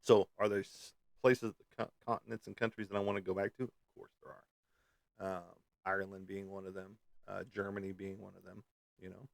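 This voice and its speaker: A man's voice: deep voice, little pitch movement, moderate pace, gravelly, dry recording. A middle-aged man from the United States chatting casually as a podcast host, rambling with many ums and uhs. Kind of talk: casual chat.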